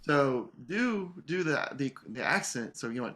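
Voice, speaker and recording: A man coaching an English horn player in a masterclass, relaxed, singing phrases to show the rhythm. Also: medium pitch, normal speed, hardly any pauses, soft background music. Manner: relaxed, sings phrases to demonstrate. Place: online video masterclass.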